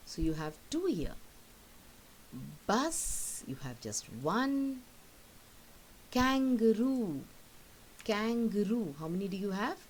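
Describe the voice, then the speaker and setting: A woman's voice: medium pitch, big pitch swings, a little slow, a little hiss or hum, poor audio. A woman teacher, patiently explaining a lesson and checking understanding with frequent questions. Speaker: English teacher. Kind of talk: recorded classroom lesson.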